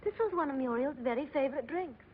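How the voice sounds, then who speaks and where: An actress playing a fragile, anxious aristocratic wife in dubbed film dialogue, pleading and nervous. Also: female voice, high voice, expressive, fast talker, a little hiss or hum. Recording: dull old film soundtrack.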